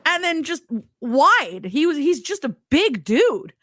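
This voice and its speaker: A woman's voice: sits high, big pitch swings, slow pace, a bit bright, no echo, clean studio sound. A woman hosting a podcast, joking crudely and giggling in casual chat. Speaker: host.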